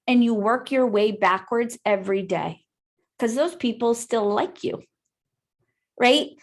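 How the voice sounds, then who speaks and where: A woman trainer talks a group through a lesson on a video call. Her voice sits a little high, and her delivery is upbeat. She keeps tossing "right?" back at her listeners. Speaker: real estate trainer.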